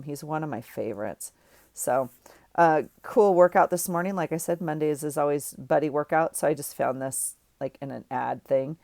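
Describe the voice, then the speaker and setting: Low, gravelly-voiced woman chatting. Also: dark tone, no echo, clean studio sound. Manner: chatty, emotional, rambling with fillers. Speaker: journaling vlogger. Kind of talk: casual chat.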